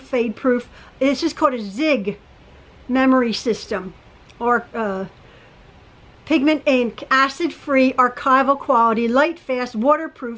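High-pitched lady chatting thru a quilting tutorial at home, lots of ums and restarts. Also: fairly bright tone, poor audio. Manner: chatty, rambling, with frequent restarts and fillers. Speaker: quilting teacher. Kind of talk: casual tutorial chat. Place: home sewing room.

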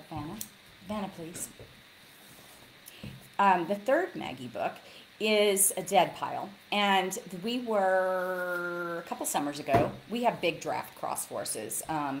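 A woman with a somewhat low voice, an author appearing as a guest, tells stories energetically in a casual interview, slipping into the voices of the people she quotes. She's on a video call from a log cabin lodge, and the low-quality recording has a faint hiss beneath her voice.

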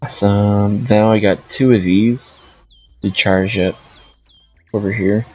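A man's voice: on the low side, steady tone, slow, dark tone, lo-fi sound, faint music behind. A man giving casual gameplay commentary as a streamer, rambling and thinking aloud. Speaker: gaming streamer.

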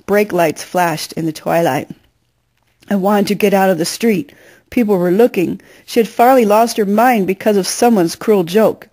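A woman's voice: mid-range voice, steady tone, moderate pace, dark tone. A woman reading a novel aloud, narrating steadily in the first person. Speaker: reader. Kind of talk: audiobook narration.

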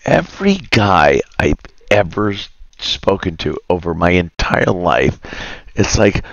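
Male streamer ranting over gameplay, slow and gravelly, bright edge, muttering curses. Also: low voice, sing-song, dry recording, dull audio. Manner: grumbling, profane, muttering asides. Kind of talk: casual rant while gaming.

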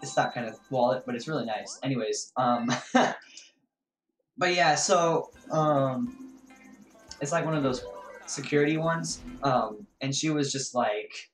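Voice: mid-range voice, unhurried. Rambling young streamer in an echoey room. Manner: rambling, many fillers and "man". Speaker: gaming streamer. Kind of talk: casual storytelling during a game stream. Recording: roomy echo with game music behind.

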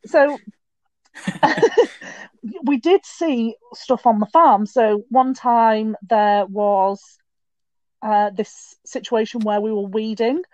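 A young woman telling stories in a casual podcast chat, with quick asides and restarts. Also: on the high side, mellow, no echo, lo-fi sound. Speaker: podcast guest.

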